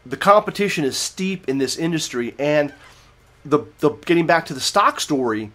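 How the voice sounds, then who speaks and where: A man's voice: on the high side, expressive, normal speed, sharp tone. Rambling man hosting a livestream. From United States. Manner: rambling, self-correcting, digressive storytelling. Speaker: livestream host reviewing beer. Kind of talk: casual unscripted livestream chat.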